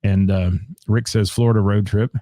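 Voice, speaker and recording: A man's voice: on the low side, level tone, normal speed, dark tone, no room sound, clean studio sound. A man hosting a live local music show, casually reading gig listings and answering viewer comments. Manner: chatty, reads gig dates aloud, answers viewer comments.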